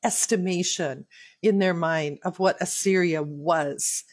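With a lowish voice and no echo, a woman teaching the Bible reads a chapter out loud and works through it verse by verse in a slow, earnest, devotional way.

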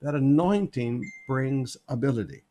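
A man's voice: mid-range voice, animated, unhurried, mellow. A man preaching a sermon, repeating key phrases for emphasis as he reads and explains scripture.

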